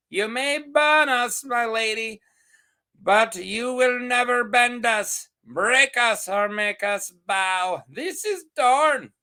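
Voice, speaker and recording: A man voicing a proud, defiant old woman who rules a desert land, declaiming slowly. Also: very high-pitched, bright, forceful tone, voice pushed up, heavily acted. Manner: proud, declaiming, drawn-out words.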